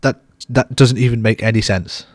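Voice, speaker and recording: A man's voice: medium pitch, fairly even intonation, moderate pace, dry recording. A man co-hosting a podcast, chatting casually in a bantering, self-deprecating way. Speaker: podcast co-host.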